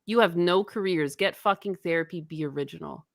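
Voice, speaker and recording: A woman's voice: on the low side, a little fast, creaky, dry recording, clean studio sound, pitched below the performer's own voice. A woman doing a mock impression of an angry, defensive male streamer who swears at his critics on a live stream. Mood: ranting.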